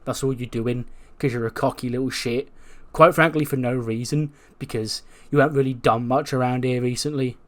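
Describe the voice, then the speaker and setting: A man voicing a gruff male wrestler who insults a younger rival. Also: mid-range voice, fairly even intonation, brisk, close to an everyday voice. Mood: contemptuous. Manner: contemptuous.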